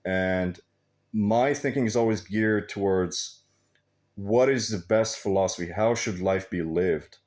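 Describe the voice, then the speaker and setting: A man's voice: fairly low pitch, a little slow, a little mellow. A man talking in a casual, rambling vlog monologue, swearing freely and laughing often. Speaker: vlogger.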